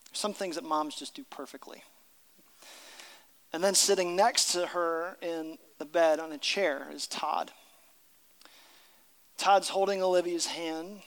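A pastor preaching a sermon, telling a story and dropping to a hushed voice at tender moments. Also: male voice, fairly high pitch, long reverb tail.

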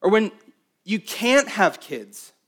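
A man preaching a sermon as pastor, swinging between emphatic raised passages and quiet, intimate stretches. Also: high-pitched, big pitch swings, takes it slowly.

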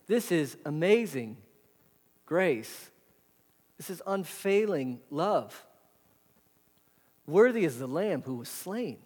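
A pastor preaching a sermon in a conversational way, full of rhetorical questions. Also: male voice, high-pitched. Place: church hall. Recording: hall reverb.

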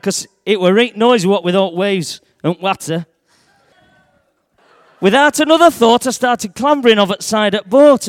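A man tells a Bible story in the first person, in thick dialect, throwing in shouts at the big moments. His voice sits fairly high for a man, and the sound is close and dry. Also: dry recording. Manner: broad dialect, lively, shouts at dramatic moments. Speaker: church storyteller.

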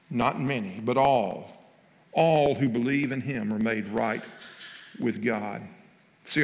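Gravelly preacher in a reverberant hall. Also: male voice, mid-range voice. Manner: animated storytelling, rising to emphatic preaching. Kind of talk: sermon with story.

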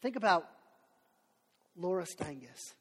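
A man preaching a sermon in a casual, animated storytelling way, as a pastor. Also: high voice, slow pace, husky. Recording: long hall reverb.

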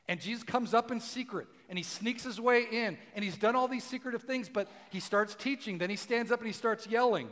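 A male pastor talks through a sermon in a relaxed, chatty way. He acts out the people he quotes and rises to shouting for emphasis. His voice sits high, and it rings out into a hall with a long echo. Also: brisk. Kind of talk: casual sermon.

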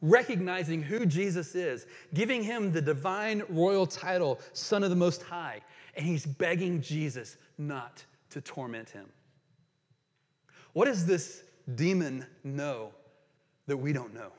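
In an expressive sermon, a man reads passages of scripture and then offers his reflections as pastor, slowing for emphasis on the key questions. His slightly high voice carries through the church hall, trailing a long reverb.

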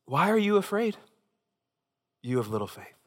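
A man voicing a groggy man just woken, quietly scolding his friends. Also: sits high, big pitch swings, moderate pace. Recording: long hall reverb.

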